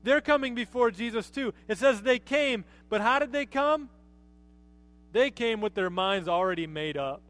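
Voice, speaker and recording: A man's voice: very high voice, lively intonation, moderate pace, fairly bright tone, faint music behind. A man preaching a conversational sermon as pastor, often asking his listeners rhetorical questions.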